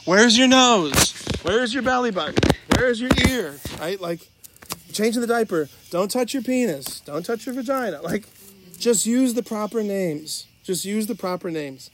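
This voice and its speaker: A middle-aged man with a high voice tells stories from teaching sex education, acting out his students with a quick laugh. He shifts from loud retellings to soft, careful advice for parents. A faint hiss sits under the recording. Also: expressive. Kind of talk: animated storytelling and advice.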